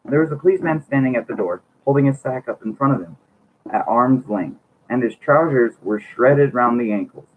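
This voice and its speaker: A man's voice: mid-range voice, animated, brisk. A man reading a book aloud on his channel, stumbling over words and breaking off for wry joking asides. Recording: tinny lo-fi mic, faint hiss.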